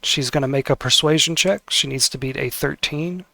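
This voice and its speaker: A man's voice: mid-range voice, moderate pace, gravelly, pushed and bright, no echo. A man narrating a tabletop game as game master, hesitant and with many fillers.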